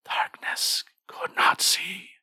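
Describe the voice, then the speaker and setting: A man voicing a simple-minded enchanted butter knife in a whispered role-play, breathy and speaking in short broken phrases. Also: slow pace, bright, forceful tone, no room sound, clean studio sound. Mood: eerie.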